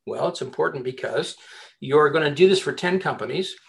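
A man, a headhunter, giving job-hunting advice in a casual interview, talking in an animated way with many restarts. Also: a little high, brisk, creaky. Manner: animated, chatty, many restarts and repeated words.

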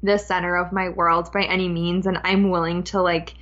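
A woman's voice: lowish voice, level tone, moderate pace, a bit bright. A young woman guest talking in a chatty, laughing way with lots of fillers. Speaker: podcast guest. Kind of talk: casual interview chat. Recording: dull lo-fi remote line.

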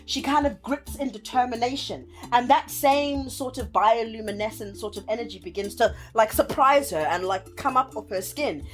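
A woman narrating a tabletop game as game master, chatty and animated with lots of fillers. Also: fairly high pitch, normal speed, hardly any pauses, faint music behind.

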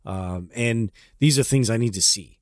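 A man's voice: medium pitch, moderate pace, dry recording, clean studio sound. A man co-hosting a podcast, talking hesitantly with lots of fillers. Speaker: podcast co-host. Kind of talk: casual podcast chat.

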